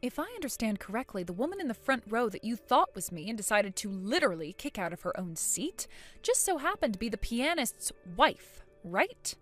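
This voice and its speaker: A weary middle-aged mother answers calmly and patiently, as a woman puts her on. Her voice sits fairly high but stays level. Faint music plays underneath. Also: moderate pace. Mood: reasoning.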